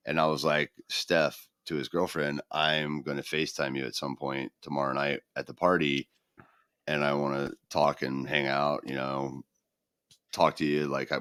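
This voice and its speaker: A middle-aged podcast co-host with a clear, resonant bass voice chats casually and acts out the people in his stories with animated flair. The clean studio recording has no echo.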